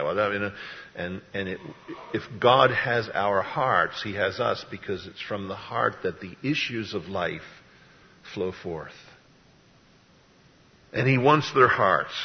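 Pastor guy preaching, laid-back storytelling, lowish voice, big hall echo. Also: takes it slowly. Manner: conversational, folksy storytelling with acted-out voices. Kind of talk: sermon. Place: church. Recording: dull, echoey church hall sound.

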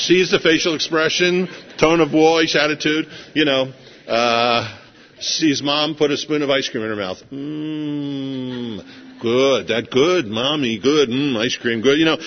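A man preaching a sermon in a conversational storytelling manner, acting out scenes as he goes. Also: on the high side. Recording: dull lo-fi sound with long hall reverb.

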